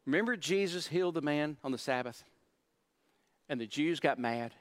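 Pastor, male, high-pitched; earnest sermon delivery with restarts; echoing sanctuary. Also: animated, normal speed. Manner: earnest preaching with stammered repeats. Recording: long hall reverb.

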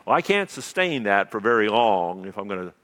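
Animated, bright-voiced preacher in a hall. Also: male voice, fairly low pitch, a little fast. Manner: dramatic swings between loud emphasis and quiet asides. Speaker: pastor. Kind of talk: sermon.

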